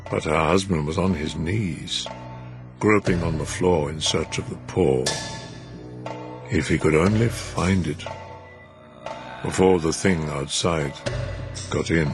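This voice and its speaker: Deep, slow man reading a story. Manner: expressive, measured. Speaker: narrator. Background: music.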